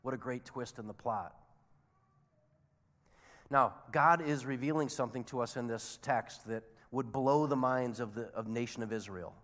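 Guy preaching, lively storyteller, voice rings out in a big echoey hall. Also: medium pitch, normal speed. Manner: expressive storytelling, acting out the sailors' voices. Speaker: pastor. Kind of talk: sermon. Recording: long hall reverb.

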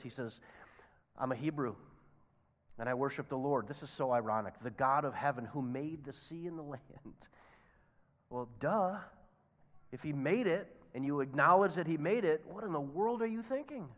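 A man preaching a sermon, telling the story expressively and acting out the characters' lines. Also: mid-range voice. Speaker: pastor. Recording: long hall reverb.

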